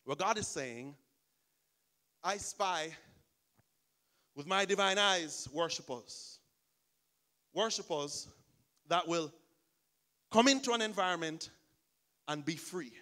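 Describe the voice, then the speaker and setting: A man preaching a sermon as pastor, telling a story in an animated way and acting out the people in it. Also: on the high side, slow pace, pauses often.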